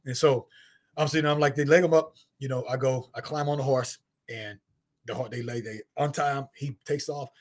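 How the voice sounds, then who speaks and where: A middle-aged man from St. Louis with a husky voice tells a story in casual talk, acting out the other people's lines in high voices and laughing often. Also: steady tone, brisk. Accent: St. Louis, African American Vernacular English. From St. Louis, USA. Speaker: guest storyteller, martial artist.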